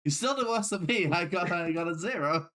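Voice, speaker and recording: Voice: mid-range voice, animated, fairly quick, fairly bright tone. A player at a tabletop game who rambles while laying out plans at length. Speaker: player, rogue.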